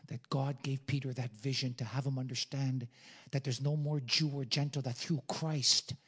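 A man preaching a sermon as a pastor, telling a story and swinging from hushed whispers to loud, emphatic bursts. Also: mid-range voice, little pitch movement, moderate pace, slightly rough.

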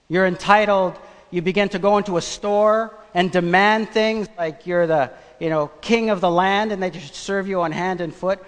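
A man preaching a sermon, telling a personal story in a conversational, animated way. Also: sits high. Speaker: pastor. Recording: long church reverb.

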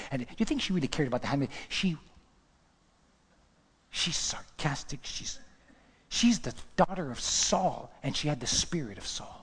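A male preacher giving an impassioned sermon, swinging from hushed whispers to loud outbursts. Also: fairly high pitch, expressive, normal speed, pauses often, breathy edge, big-room sound.

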